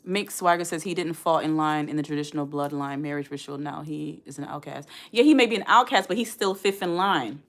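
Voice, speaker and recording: A woman around forty talks casually on a live stream with a somewhat low voice. She chats directly to her viewers and reads their comments aloud. Her delivery is loose and conversational. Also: a little fast, few pauses.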